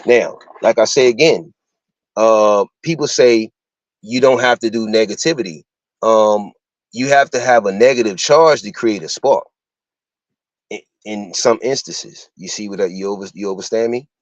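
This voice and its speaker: A man giving an informal lecture to his listeners, halting and full of fillers, spelling out terms letter by letter. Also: fairly low pitch, no room sound, dull audio. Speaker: host teaching a class.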